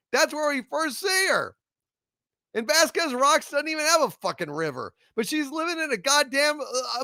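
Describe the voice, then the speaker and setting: A man on an angry, profane rant, his voice jumping high and low and breaking into shouts. The tone is bright and sharp, recorded dry and close with no room sound. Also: no room sound. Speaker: panel show host. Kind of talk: angry ranting commentary.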